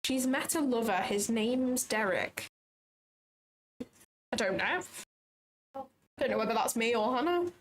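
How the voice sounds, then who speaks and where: A woman's voice: a little high, animated, measured pace, pauses often, slight background noise. Joking British woman streaming live. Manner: joking, banters with chat, swears casually. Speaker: livestream trading host. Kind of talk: casual livestream chat.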